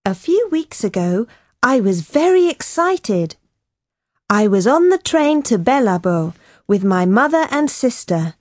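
A woman narrating a child's story for an English lesson, reading slowly, clearly and expressively into a close studio mic. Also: a little high, sing-song, a little mellow, no echo. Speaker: textbook audio narrator.

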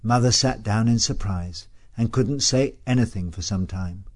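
Male narrator, lowish pitch, measured and even storybook reading.

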